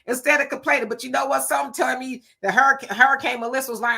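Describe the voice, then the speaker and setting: A woman from Southern California hosting a casual live stream, reading viewer comments aloud with sassy, animated reactions. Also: on the high side, fast, hardly any pauses.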